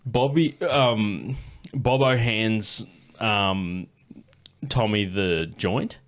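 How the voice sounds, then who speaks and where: A man's voice: lowish voice, drawn-out words, a bit bright. An Australian man in his thirties hosting a podcast, telling a story in a casual, sweary, laughing way. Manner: laid-back, sweary, laughing often. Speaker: podcast host.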